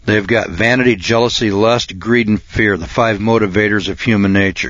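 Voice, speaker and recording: A man giving an insistent speech, often clearing his throat and restarting his sentences. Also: on the low side, steady tone, moderate pace, fairly bright tone, dry recording. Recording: dull lo-fi recording.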